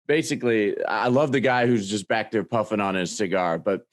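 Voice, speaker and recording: Male host, low voice, dry sound, rambly video-call chat with lots of restarts. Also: no room sound. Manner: rambling, halting, many restarts.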